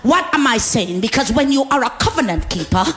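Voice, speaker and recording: A woman preacher delivering an exuberant sermon, often shouting, laughing and calling for responses from the congregation. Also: fairly high pitch, expressive, fairly quick.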